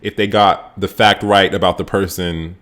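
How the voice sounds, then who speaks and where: Man, lowish voice, sarcastic, swears a lot, animated recap vlog. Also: moderate pace. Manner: animated, sarcastic, swears freely, pitch jumps up when excited. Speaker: reality show recap vlogger. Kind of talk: casual profane recap commentary.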